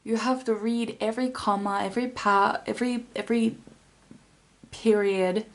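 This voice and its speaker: A woman giving a casual tarot reading to camera, rambling with many fillers and restarts and sometimes dropping to a soft whisper. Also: a little high, steady tone, normal speed. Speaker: tarot reader.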